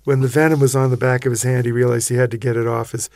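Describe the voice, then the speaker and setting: A man recounting an expedition as an interview guest, his voice pitched in a middling range. He tells it vividly and with animation, stumbling into restarts as he goes. The studio sound is dry and close. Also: flat delivery, fast, a little mellow, dry recording. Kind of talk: storytelling in a radio interview.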